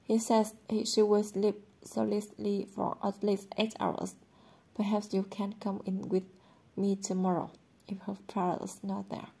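A woman reading the lines of a worried but gentle mother in an audiobook, in a calm, soothing way. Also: medium pitch, unhurried, creaky, husky.

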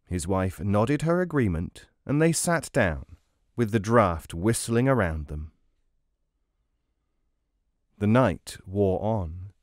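A man reading a folk tale aloud in a measured, expressive way. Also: lowish voice, no room sound, clean studio sound. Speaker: storyteller. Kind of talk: read-aloud storybook narration.

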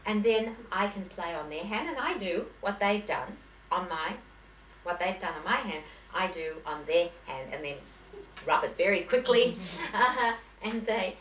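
A woman's voice: medium pitch, expressive, unhurried, fairly bright tone. A woman piano teacher giving a lecture to teachers, talking in a chatty, anecdotal way with many restarts and self-corrections. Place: lecture room. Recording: echoey room, voice from far off, faint hiss.

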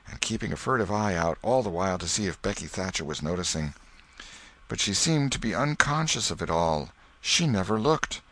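A man's voice: lowish voice, a bit bright, no echo. A man reading a classic novel aloud as an audiobook, narrating dramatically and shifting his voice for the characters. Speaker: audiobook reader. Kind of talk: expressive storybook narration.

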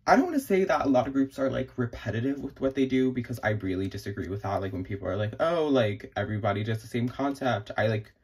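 A young man in a casual unboxing vlog, gushing and excitable, with frequent gasps and many fillers. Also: medium pitch, quick pace, hardly any pauses, husky. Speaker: vlogger.

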